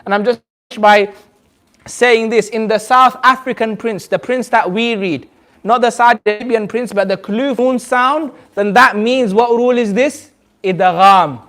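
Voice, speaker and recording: High-voiced man teaching recitation. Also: a bit bright. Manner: patient, repetitive, draws out recited words slowly. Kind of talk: tajweed lesson with call-and-response recitation. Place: community centre classroom.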